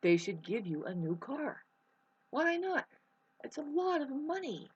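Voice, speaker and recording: A woman's voice: high voice, big pitch swings, a little slow. A woman vlogger rambling in a casual monologue. She swears freely, restarts her sentences often and eats while she talks. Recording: muffled lo-fi recording.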